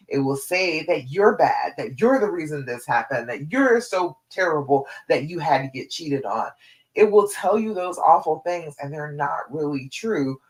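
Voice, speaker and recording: A woman love coach giving a live-streamed coaching talk, direct and encouraging, often checking in with "okay?" between points. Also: deep voice.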